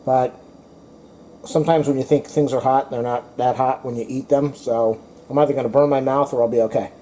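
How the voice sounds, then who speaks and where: A man's voice: medium pitch, steady tone, fairly quick, dark tone, slight background noise. A man chatting to his viewers in a casual home cooking vlog, talking to his dog between bites. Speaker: cooking vlogger.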